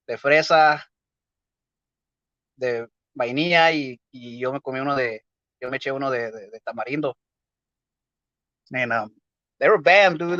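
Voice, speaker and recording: A man's voice: mid-range voice, a bit bright, dry recording. Slangy rambling man on a dull mic. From Los Angeles. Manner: rambling, slangy, full of fillers. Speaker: podcast host. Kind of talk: casual livestream chat. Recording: dull lo-fi dry sound.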